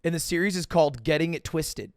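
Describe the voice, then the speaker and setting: A man's voice: a little high, slight background noise. A young adult man giving casual, joking commentary while reacting to videos on a live stream. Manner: joking, animated, quick asides.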